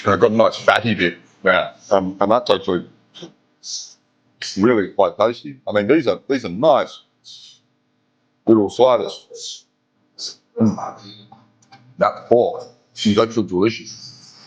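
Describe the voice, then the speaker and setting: Seated at a table in an indoor restaurant, a man who vlogs about food chats casually about his meal, humming contentedly with every bite. His lowish voice is a bit slow and breathy, with long pauses, recorded lo-fi on a camera resting on the table while faint music plays behind him.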